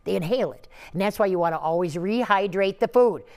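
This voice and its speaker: A woman's voice: medium pitch, quick pace, a little mellow. A woman dog trainer giving casual advice on a talk show, chatty and laughing, often acting out scenes with her dogs.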